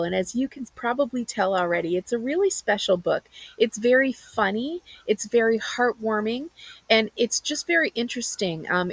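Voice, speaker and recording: A woman's voice: medium pitch, vocal fry, slightly rough, no room sound, rough recording. A woman librarian reading a book's opening aloud, then recommending it earnestly with a few fillers. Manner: earnest, enthusiastic book talk with some fillers. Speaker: school librarian.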